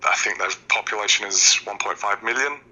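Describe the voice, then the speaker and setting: A man's voice: fairly low pitch, fairly quick, pushed and bright, slightly rough, low-quality recording. An Australian man in his thirties, calling in to a show and chatting casually in a laid-back, explaining way. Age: 30s. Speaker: caller. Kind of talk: casual call-in chat.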